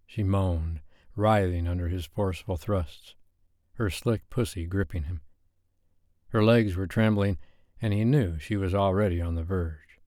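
Deep-voiced male audiobook narrator. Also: darkish tone, no room sound, studio quality.

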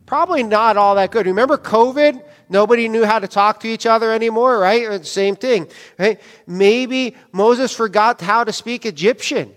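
A man's voice: high-pitched, normal speed, hardly any pauses, a bit bright. A male pastor preaching a sermon in a conversational way, often asking the congregation questions. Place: church hall. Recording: long reverb of a church hall.

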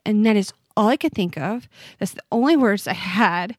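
Woman in her 40s, mid-pitched voice, heartfelt and earnest, stops and restarts a lot. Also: expressive, normal speed, dry recording, clean studio sound. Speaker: podcast guest. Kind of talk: personal testimony in conversation.

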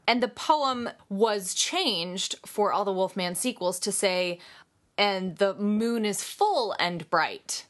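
A woman's voice: mid-range voice, slow, fairly bright tone. A woman co-hosting a casual film podcast, talking in an easy, enthusiastic way. Her voice sits in the middle range. She often voices her own past thoughts. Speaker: podcast co-host. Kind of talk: casual chat about classic films.

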